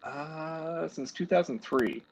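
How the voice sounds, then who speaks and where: A man's voice: a little high, takes it slowly, vocal fry, background noise. A man from New Jersey, a comic artist, chatting casually and jokingly as a guest, with loose fillers. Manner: laid-back, jokey, trails off with fillers. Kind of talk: casual chat.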